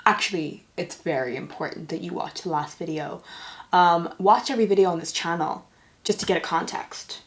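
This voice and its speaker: A woman's voice: fairly low pitch, moderate pace. A young woman who reads fan fiction aloud, mocking it with sarcastic asides and breaking into laughter often. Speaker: YouTuber.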